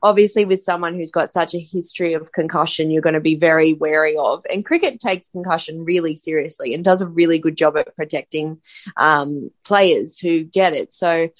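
A woman's voice: low-pitched, normal speed. Bubbly woman panelist. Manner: bubbly, laughs often, talks in long runs. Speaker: podcast guest panelist. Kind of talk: casual podcast chat.

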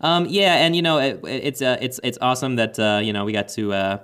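A man's voice: medium pitch, brisk, a bit bright, clear, resonant tone. A man in his thirties co-hosting a gaming podcast in casual chat, friendly and rambling. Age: 30s. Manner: friendly, rambling, many fillers and restarts. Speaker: podcast co-host.

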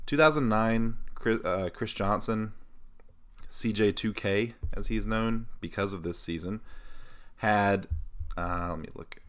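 Low-voiced man co-hosting a sports podcast. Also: slow pace, a bit bright, clear, resonant tone. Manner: conversational, jokey, stat-heavy. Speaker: podcast co-host. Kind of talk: casual sports podcast chat.

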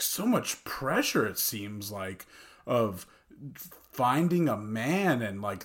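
A man co-hosting a casual film-review podcast, relaxed and a little hesitant, often trailing off softly. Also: mid-range voice. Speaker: podcast co-host.

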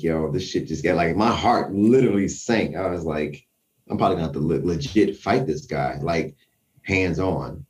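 Man telling a story, low and dark. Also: distant mic. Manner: animated, acts out his own quotes. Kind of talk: casual storytelling.

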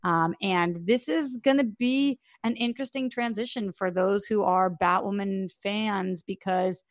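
A woman's voice: medium pitch, measured pace, dry recording, studio quality. A woman hosting a podcast, chatting upbeat about entertainment news and talking to the live chat. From Boston. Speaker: podcast host.

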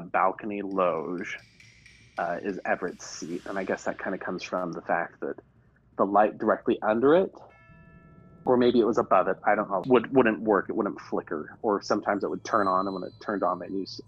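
A man recounting a theater ghost legend in a halting, casual way, with fillers. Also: lowish voice, a bit bright, slightly rough, lo-fi sound.

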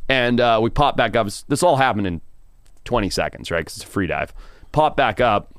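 A man spinning an animated, casual story on a podcast, cursing freely and laughing along. His voice sits in the middle of his range. It comes through a close mic in a dry, dead room. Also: mid-range voice, moderate pace, no echo. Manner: animated, swears, laughs often. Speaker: podcast guest, wildlife TV presenter.

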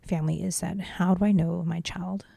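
Gravelly low-voiced woman, earnest. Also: fairly even intonation, a little fast, dark tone, no echo, clean studio sound. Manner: earnest, repeats and restarts phrases. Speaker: startup CEO, interview guest. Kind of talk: casual interview answers.

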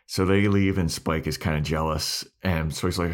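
A man's voice: deep voice, fairly even intonation, moderate pace. A man co-hosting a podcast, recapping a show in loose, casual chat full of "like"s. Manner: loose, swearing, many "like"s. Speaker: podcast co-host.

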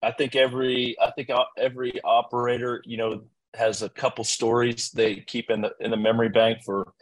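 A man's voice: mid-range voice, little pitch movement, brisk, no room sound, poor audio. A man speaking as a podcast guest, earnest and sincere. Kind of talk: casual podcast conversation.

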